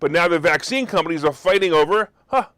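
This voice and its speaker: A man hosting a live market talk show, his voice high and swooping all over the place. He talks with sarcasm and bursts into loud mock outrage, close to a desk mic in a dry, dead room. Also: expressive, quick pace, dry recording. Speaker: host. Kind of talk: opinionated market commentary.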